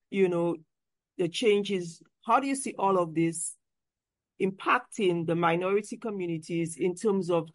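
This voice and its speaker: A woman's voice: fairly low pitch, dry recording. A woman interviewing a guest, asking questions in a conversational way with frequent "you know"s.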